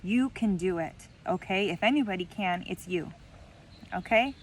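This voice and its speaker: A woman's voice: medium pitch, normal speed, slight background noise. A woman giving an intuitive message reading to her viewers, encouraging and heartfelt, often checking in with "okay?" and "you guys". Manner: emotional, heartfelt. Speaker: spiritual reader.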